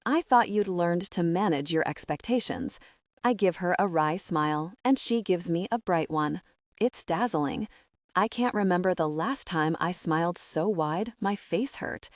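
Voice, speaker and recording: A woman narrating a first-person romance audiobook in a measured, wry way. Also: fairly low pitch, animated, no room sound, clean studio sound.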